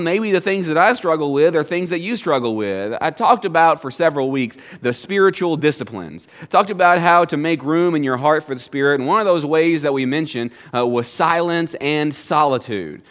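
Pastor, middle-aged man, higher voice; earnest storyteller who builds to forceful commands from the pulpit. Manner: earnest storytelling, rising to emphatic exhortation. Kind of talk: sermon.

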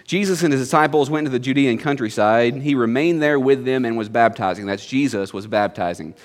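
A man's voice: mid-range voice, brisk. A man preaching a sermon to his congregation in a folksy storytelling manner, with jokes and asides. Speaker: pastor.

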